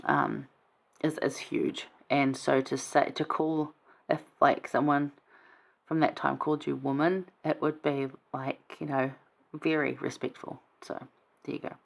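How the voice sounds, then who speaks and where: A woman's voice: sits low, little pitch movement, unhurried, vocal fry. A woman giving casual scripture commentary in a chatty, informal way, reading verses aloud and then explaining them. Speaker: Bible study vlogger.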